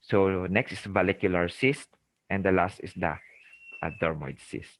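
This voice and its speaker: A man's voice: low-pitched, unhurried, a bit bright, slight background noise, low-quality recording. A middle-aged man with a Filipino accent giving a recorded medical lecture, repeating key terms and checking in with "okay?" and "remember". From Philippines. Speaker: lecturer, ENT surgeon.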